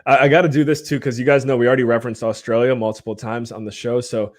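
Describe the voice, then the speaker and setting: A man's voice: medium pitch, little pitch movement, racing. A man from Ohio hosting a livestream podcast, chatting casually, rambling a little and laughing often as he runs giveaways. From Ohio, USA. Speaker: podcast host.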